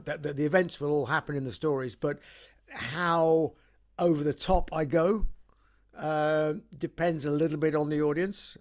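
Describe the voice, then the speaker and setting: A man with an English accent, interviewed about his career, telling wry stories in a halting way with lots of restarts. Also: a little high. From England. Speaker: rock singer interviewee. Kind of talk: casual anecdotal chat.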